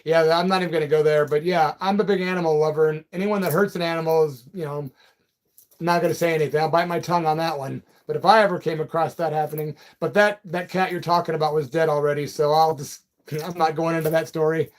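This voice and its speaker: High-voiced man chatting live. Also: steady tone, fast. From Peoria, Illinois. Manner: loose, friendly, calls people brother and man. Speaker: livestream and radio host. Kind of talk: casual live chat reading viewer comments.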